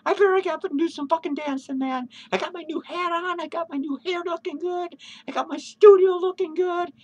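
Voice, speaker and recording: A crude, boozy old man rants into his webcam, swearing nonstop and breaking into cackles, as a woman plays him. The voice sits very high. He rambles from one gripe to the next in a comic vlog. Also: fairly quick, darkish tone, muffled recording. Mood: ranting. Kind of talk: comedic character vlog rant.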